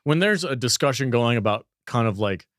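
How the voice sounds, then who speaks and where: A man's voice: mid-range voice, expressive, brisk, a bit bright, dry recording. A man co-hosting a podcast, chatty and enthusiastic, with casual swearing, on a close mic. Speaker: podcast co-host.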